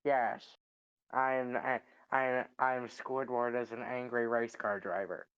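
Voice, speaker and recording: A man's voice: medium pitch, steady tone, slow, fairly bright tone, smooth, lo-fi sound. A man voicing a grumpy cartoon squid turned angry race car driver, using a nasal put-on voice in improv comedy. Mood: snooty.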